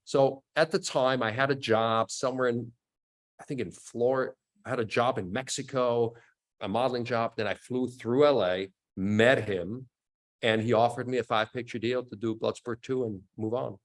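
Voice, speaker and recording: Man in his fifties, action actor guest, animated storyteller, sound effects, laughs often. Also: mid-range voice, normal speed. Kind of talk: casual storytelling interview.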